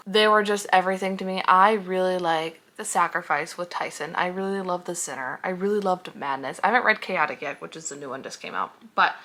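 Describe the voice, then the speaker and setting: Bright-voiced young woman ranting about books. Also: on the low side. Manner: heated, sarcastic, swears freely. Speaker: book reviewer. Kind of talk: casual reaction vlog.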